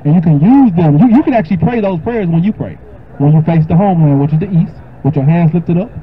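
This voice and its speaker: A man answering a question with informal Bible teaching, talking casually and reading the verses aloud more slowly. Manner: casual, conversational, reads verses slower and higher. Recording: dull lo-fi recording with faint noise.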